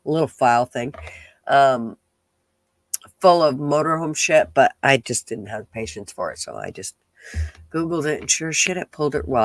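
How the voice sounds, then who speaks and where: A man's voice: medium pitch, no echo. A congested man hosting a rambling, casual livestream chat with a nasal, stuffed-up voice. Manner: rambling, chatty, swears casually. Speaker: podcast host.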